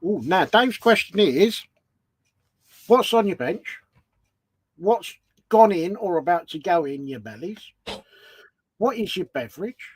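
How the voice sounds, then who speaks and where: A man's voice: high-pitched, expressive, measured pace, pauses often, husky, dry recording. A man co-hosting a casual livestream, playful as he puts chatty questions to viewers. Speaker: co-host.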